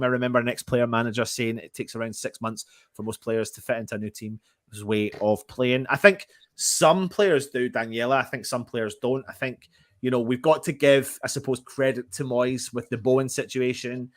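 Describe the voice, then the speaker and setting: A man hosts a live fan stream and reads out chat comments between his own takes. His voice is mid-pitched and sounds close and dry, with barely any room around it. He talks loosely and breaks into laughter now and then. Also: no echo. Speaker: fan channel host.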